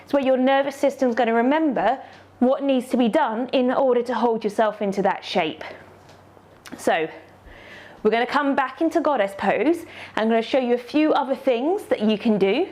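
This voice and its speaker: A woman leads a yoga lesson, talking through each pose with encouraging step-by-step cues. Her voice sits high, and she sounds a little out of breath as she moves. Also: moderate pace, a little mellow. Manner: encouraging, cueing poses step by step. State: slightly out of breath. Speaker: yoga teacher. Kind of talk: instructional yoga class.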